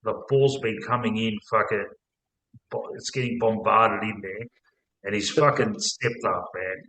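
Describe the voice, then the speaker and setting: A man's voice: on the low side, measured pace. Sweary Australian man, roomy echo. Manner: blunt, sweary and excitable. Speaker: podcast host. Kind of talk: casual football chat.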